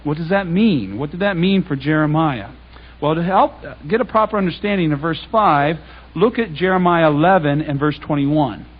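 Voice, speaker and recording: A man giving a public Bible talk, reading scripture and then paraphrasing it in lively everyday speech. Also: on the high side, moderate pace, slightly rough, highs cut off. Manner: conversational, animated, reads scripture aloud and paraphrases it in casual speech. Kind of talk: sermon. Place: congregation hall.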